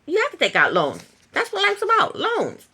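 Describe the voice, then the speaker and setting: A woman mimicking a stubborn husband who argues indignantly, her voice pitched up high. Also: wildly swooping pitch, moderate pace, sharp tone, exaggerated voice. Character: whiny, stubborn husband defending loans.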